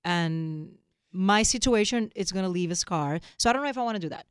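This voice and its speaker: Animated woman telling teasing stories. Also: on the low side, a little fast, smooth, dry recording, clean studio sound. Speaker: podcast co-host. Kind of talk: casual chat.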